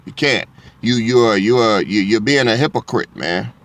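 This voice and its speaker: A man's voice: on the low side, a little slow. Blunt, profane preaching man. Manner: blunt, profane and confrontational, repeatedly checking in with listeners. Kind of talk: sermon with scripture reading.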